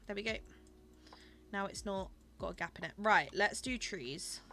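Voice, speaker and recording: A woman's voice: medium pitch, normal speed, bright, forceful tone. A young woman chatting casually with her viewers while she plays and streams a game, gushing over small things.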